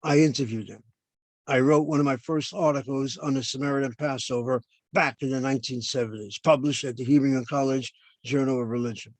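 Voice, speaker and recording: A man's voice: mid-range voice, fairly even intonation, fairly quick, no echo. An older man lecturing as a professor over a video call, explaining points and then asking and answering his own questions.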